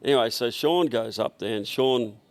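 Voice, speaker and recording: An older Australian man who owns a workshop appears as a guest in a casual interview, speaking in a mid-range voice at normal speed. His anecdotes are rambling and blunt, full of fillers and restarts.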